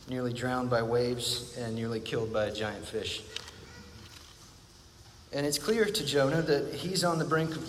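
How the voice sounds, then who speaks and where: A man preaching a sermon at an ordinary, middling pitch, his earnest and reflective words trailing into a long reverb. He often repeats phrases to drive a point home. Faint noise sits underneath the recording. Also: a bit bright.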